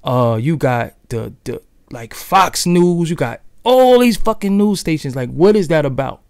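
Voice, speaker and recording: A man's voice: a little high, expressive, a little slow, gravelly, darkish tone, smooth, no room sound, studio quality. A man with a Brooklyn New York accent, chatting loosely and profanely with his livestream viewers. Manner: loose and profane, talks straight to the chat. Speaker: livestream host. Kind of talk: casual livestream chat with viewers.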